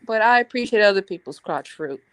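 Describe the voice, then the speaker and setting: A woman hosting a casual video-call chat, telling animated stories and acting out what people said. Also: mid-range voice, fairly quick, no room sound. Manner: animated storyteller who acts out quotes. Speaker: reading sprint host.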